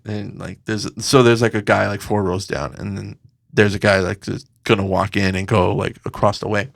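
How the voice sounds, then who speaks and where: A man's voice: fairly low pitch, flat delivery, normal speed, vocal fry. A man co-hosting a podcast, telling a story in casual chat, swearing a lot and acting out the voices of the people in it. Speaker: podcast co-host.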